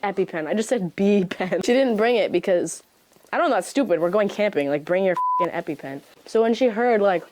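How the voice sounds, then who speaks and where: A young woman telling a story in a casual, animated way, full of slang, swearing and "like" fillers. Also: mid-range voice, brisk, a little hiss or hum. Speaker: interviewee.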